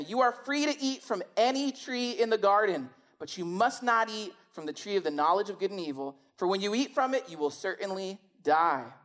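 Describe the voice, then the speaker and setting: Conversational woman preaching a sermon. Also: on the high side. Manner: conversational, emphatic, rhetorical questions.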